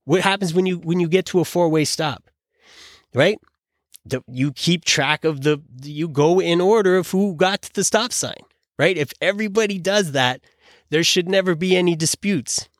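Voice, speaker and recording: A man's voice: high-pitched, moderate pace, no echo, studio quality. A man hosting a podcast, ranting casually in an opinionated, exasperated way, rambling with lots of restarts and fillers. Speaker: podcast host.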